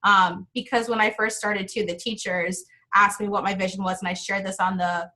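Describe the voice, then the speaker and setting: Woman host of a live closing talk, bright and forceful tone, medium pitch; heartfelt, casual, a bit of swearing. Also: little pitch movement, moderate pace. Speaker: founder and host of an online school. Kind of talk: live-streamed closing talk, reading viewer comments aloud.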